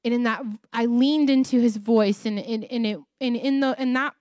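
A woman's voice: fairly high pitch, moderate pace, a little mellow, no room sound, studio quality. A woman sharing a personal faith testimony in an emotional, earnest way, often repeating phrases for emphasis. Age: adult, married ten years.

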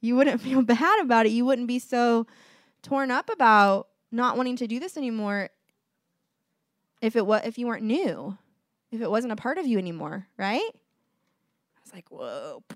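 A woman's voice: on the high side, animated, normal speed, long pauses, no room sound, studio quality. A woman giving an informal, earnest sermon, talking conversationally to her listeners and acting out little dialogues. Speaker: preacher.

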